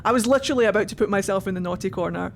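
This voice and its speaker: A woman's voice: mid-range voice, racing, creaky, slight background noise. A young Scottish woman streaming a game, chatting casually and animatedly, laughing often and swearing now and then. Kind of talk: casual gameplay commentary.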